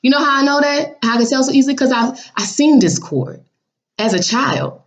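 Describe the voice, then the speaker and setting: A woman's voice: sits high, lively intonation, fairly quick. A woman casually telling her viewers about a dream, blunt and sassy, acting out what people said in raised voices. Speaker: vlogger recounting a dream.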